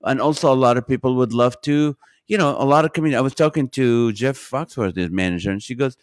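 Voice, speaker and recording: Male podcast host, comedian, rambling, self-interrupting, casual chat, mid pitch, dry sound. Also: lively intonation, a little fast, dry recording.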